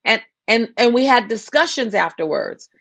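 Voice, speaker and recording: A woman's voice: fairly high pitch, very animated, moderate pace, creaky, a bit bright, no room sound. Woman director, interview guest; earnest, emphatic delivery with false starts, dry recording. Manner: passionate, repeats and restarts phrases. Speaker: filmmaker guest. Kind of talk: interview conversation.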